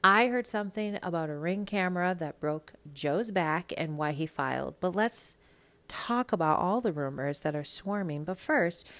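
A woman from Minnesota hosting a podcast, chatting about celebrity gossip in a blunt, sassy way and swearing freely. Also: on the low side. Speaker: podcast host. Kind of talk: casual celebrity gossip monologue.

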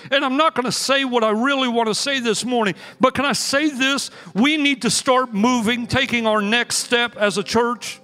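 A pastor preaches a sermon in a church sanctuary, his very high voice moving at normal speed with hardly a pause. He's an energetic storyteller whose emphasis rises in bursts. The recording carries long hall reverb and faint music.

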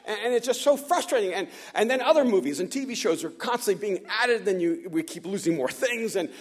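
Husky high-voiced male pastor telling a story. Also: fairly quick. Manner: animated storyteller, repeats "and" often, laughs along. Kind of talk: storytelling sermon. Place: church gathering before a live audience.

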